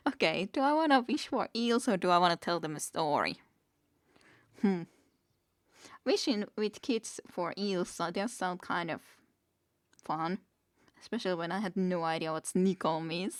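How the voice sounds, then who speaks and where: A woman's voice: lowish voice, lively intonation, normal speed, no echo, clean studio sound. A woman streaming a game, musing aloud, reading the game text and chuckling often in casual commentary. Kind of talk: casual let's-play commentary.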